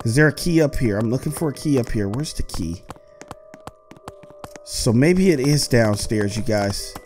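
A man giving excited gameplay commentary as host, talking to his viewers and yelping and shouting when something chases him. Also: medium pitch, normal speed, soft background music. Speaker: gaming host.

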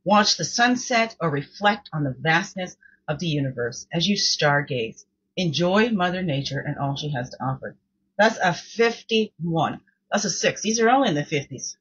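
A woman's voice: on the low side, animated, measured pace, fairly bright tone, highs cut off, slight background noise. A woman hosting her own daily reflection show, reading quotes and chatting casually, often repeating words and asking "right?".

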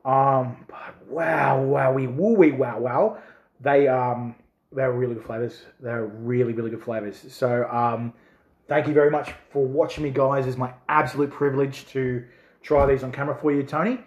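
A man reviewing hot chili jerky, excitable and swearing as the heat builds. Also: medium pitch, moderate pace, roomy sound, dull audio. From Australia. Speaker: food reviewer. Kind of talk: casual chili review vlog.

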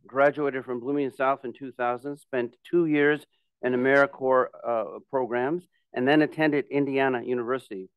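A man reading new members' bios aloud at a club meeting in a plain, steady way, with brief friendly asides. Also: mid-range voice, clear, resonant tone, no echo. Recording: tinny phone-like sound.

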